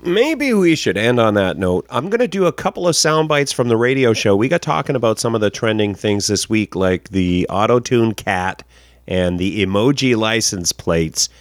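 A man hosts a podcast in loose, joking chat and wanders into asides. His pitch swings up and down a lot as he talks. The sound is dry and close, with no room around it. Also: dry recording. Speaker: podcast host.

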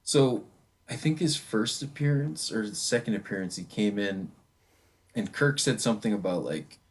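A man's voice: lowish voice, moderate pace, husky. A man in a casual podcast chat, talking bluntly with profanity and trailing fillers. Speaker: podcast co-host.

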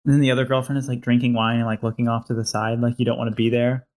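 A man in casual chat about his comedy sketch, relaxed and agreeable, hedging with filler words. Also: mid-range voice, rapid-fire. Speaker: comedy writer.

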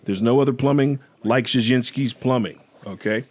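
Guy hosting a podcast, chatty and animated, goofs around with friends. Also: medium pitch, moderate pace. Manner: animated storyteller, jokes with put-on accents. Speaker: podcast host. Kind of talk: casual chat.

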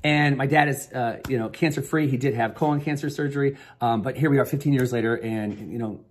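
A man's voice: medium pitch, brisk, a little hiss or hum. A middle-aged man sharing a personal story and giving an earnest motivational pep talk, rambling with restarts. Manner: earnest, rambling with restarts, rises to upbeat coaching. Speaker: motivational speaker.

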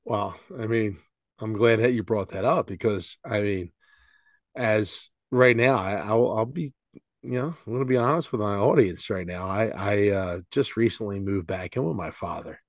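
This man in his 40s co-hosts a podcast, speaking on the low side at normal speed in clean studio sound with no room sound. The chat is casual, slangy and loose, with "dude" and "like" sprinkled throughout.

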